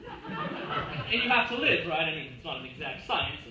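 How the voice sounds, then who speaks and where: An actor playing a middle-aged fan of a musical, confiding and rambling with wry asides, recorded on stage. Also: male voice, on the high side, big pitch swings, moderate pace, pushed and bright, full character voice. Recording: echoey stage from far off with music.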